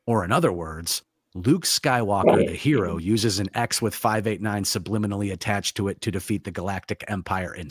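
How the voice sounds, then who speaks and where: A man's voice: lowish voice, a bit bright, breathy edge, dry recording, clean studio sound. A man narrating a scripted theory segment in a dramatic, persuasive way. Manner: dramatic, building a conspiracy case.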